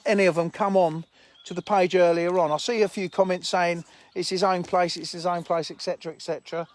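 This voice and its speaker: A man hosting a casual outdoor livestream by a fishing lake, rambling bluntly and chatting with viewers. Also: sits high. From England. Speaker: livestream host. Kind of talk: casual livestream chat reading viewer comments.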